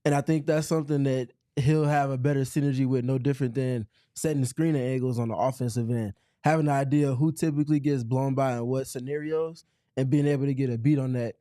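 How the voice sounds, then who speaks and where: A man's voice: medium pitch, fairly even intonation, quick pace, warm tone, dry recording, studio quality. Analytical sports reporter man. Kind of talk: casual sports talk.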